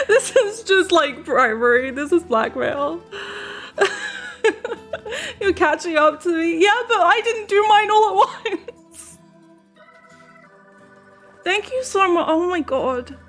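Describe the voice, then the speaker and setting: A woman's voice: very high voice, big pitch swings, slow pace, long pauses, fairly bright tone, soft background music. A woman streamer chatting live to viewers in a giggly, emotional way, often laughing through tears. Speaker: game streamer.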